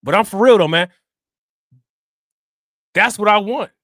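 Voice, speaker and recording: A man chats on a livestream, slangy and joking, laughing often. His voice sits a bit high. The sound is dry and close, with no room around it. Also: unhurried, a bit bright, no room sound. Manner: joking, laughing, slangy, repeats "you know what I'm saying". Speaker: crypto livestream host. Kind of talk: casual livestream chat.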